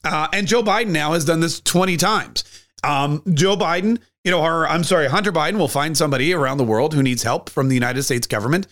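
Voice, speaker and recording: Guy ranting politics on his podcast, sarcastic, kinda high voice. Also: brisk, a bit bright. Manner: sarcastic, conversational. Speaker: podcast host. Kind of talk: political commentary monologue.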